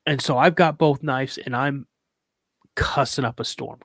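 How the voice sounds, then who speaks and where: A man in a casual podcast conversation, telling a story with lively energy, his voice lifting sharply whenever he quotes someone. His pitch sits in a middle range for a man. The recording is dry and close, with almost no room around him, and now and then he sounds close to tears. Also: unhurried, gravelly, no room sound. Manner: animated, acts out quoted dialogue in a raised voice; fighting back tears at moments. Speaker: podcast guest.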